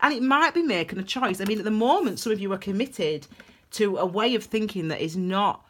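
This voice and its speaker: Lively, chatty woman. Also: medium pitch, fairly quick. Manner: animated, chatty, rambling, laughs often. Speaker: tarot reader. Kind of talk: casual tarot reading to camera.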